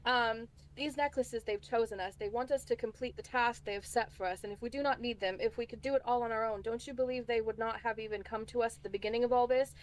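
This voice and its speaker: A woman's voice: a little high, steady tone, quick pace, few pauses, close to an everyday voice, poor audio. A woman voicing an earnest young fantasy heroine, reading a formal, pleading speech from a book aloud.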